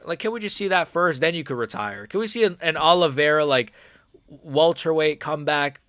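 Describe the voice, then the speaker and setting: A man's voice: fairly high pitch, animated, normal speed, a bit bright, no echo, clean studio sound. A young man doing casual live commentary on a fight stream, with slangy, rambling speech and blunt, mocking opinions. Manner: slangy, rambling, frequent "bro" and "like".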